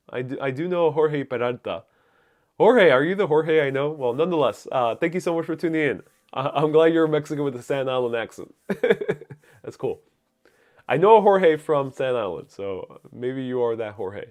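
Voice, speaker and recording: A man's voice: medium pitch, expressive, normal speed, a little mellow. Young guy doing a live q&a outside, reads chat and answers, lapel mic. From United States. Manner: chatty, reads viewer comments aloud and answers them. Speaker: host. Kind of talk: live-stream Q&A. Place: out on city streets during a live stream. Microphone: wireless lapel mic.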